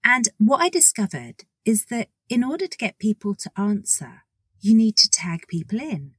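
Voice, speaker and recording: A woman in her forties opens her own podcast, talking in a chatty, enthusiastic way and acting out little bits of conversation. Her voice is soft and breathy at a medium pitch. It sits close and dry on the mic, with no room around it. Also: big pitch swings, moderate pace, no room sound. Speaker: podcast host. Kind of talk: solo podcast introduction.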